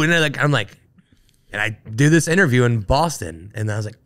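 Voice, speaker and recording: A man's voice: medium pitch, fast. Male podcast guest, conversational storyteller, medium voice, loose and filler-heavy. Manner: animated, full of fillers like "like" and "you know". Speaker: podcast guest, Army veteran. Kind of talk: casual storytelling interview.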